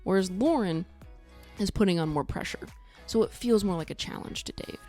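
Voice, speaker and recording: A woman's voice: medium pitch, normal speed, mellow, faint music behind. A woman recapping a reality show in a casual vlog, blunt and sarcastic, swearing freely. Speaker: TV recap vlogger.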